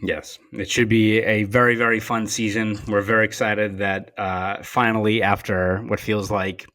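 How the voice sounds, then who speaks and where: Young man, podcast host, lowish voice, rambling casual sports talk. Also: little pitch movement, normal speed, a bit bright. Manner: rambling, repeats words while thinking.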